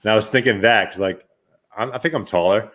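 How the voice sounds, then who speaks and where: A man's voice: lowish voice, quick pace, fairly bright tone. A man hosting a casual podcast chat, loose and playful, swearing freely. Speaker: podcast host.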